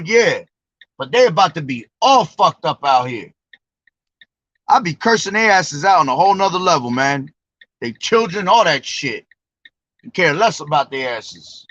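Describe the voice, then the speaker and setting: A man's voice: sits high, fairly bright tone, dry recording. A man preaching informally, reading scripture aloud between profane, slangy, emphatic remarks. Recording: dull lo-fi dry recording.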